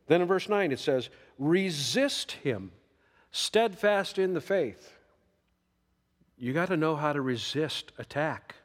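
Man preaching in a reverberant hall. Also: mid-range voice. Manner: folksy preaching, acts out quoted voices. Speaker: pastor. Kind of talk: sermon.

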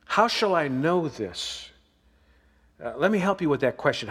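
A man's voice: a little high, big pitch swings, a little slow, fairly bright tone, breathy edge, in a large hall. A man preaching a sermon as pastor, folksy and emphatic, drawing out the verses he reads.

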